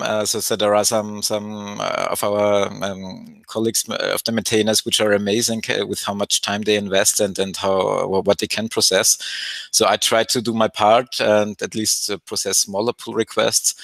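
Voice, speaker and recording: Hesitant man, German speaker, low voice. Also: fairly bright tone, dry recording. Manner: hesitant, many fillers and restarts. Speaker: guest maintainer. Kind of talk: casual interview answers. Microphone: video call.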